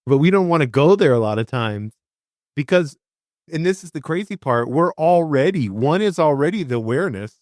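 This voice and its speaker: A man's voice: on the high side, expressive, moderate pace, darkish tone, no echo, studio quality. A man hosting a casual spiritual conversation about recovery, talking emphatically, swearing freely and acting out the voices in his head.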